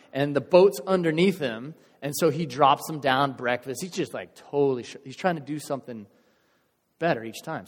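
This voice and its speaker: A male pastor delivers a sermon in a church, telling a story in a casual, animated way and acting out the crowd's voices. His voice is medium-pitched, and he's in a large hall.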